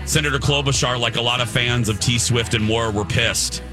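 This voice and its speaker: A man hosting a radio show in casual chat, teasing his co-hosts in an animated way. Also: mid-range voice, normal speed, music in the background.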